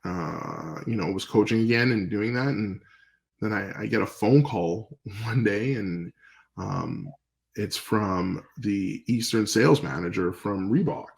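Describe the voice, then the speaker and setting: Canadian guy on a podcast, gravelly voice, laid back and rambly, lots of ums, acts out phone calls. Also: on the low side, a little slow, low-quality recording. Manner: relaxed, rambling with fillers and restarts, acts out past phone calls. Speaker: podcast guest. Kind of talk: casual storytelling interview.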